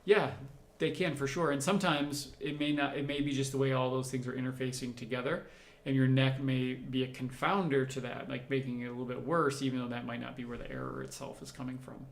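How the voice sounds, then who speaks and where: A man's voice: mid-range voice, fairly even intonation, fairly quick, gravelly, few pauses, reverberant, a little hiss or hum. A man, a doctor, hosting a livestream Q&A, reading out viewer comments and answering them in a conversational, explanatory way. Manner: conversational, explanatory, thinks aloud while answering.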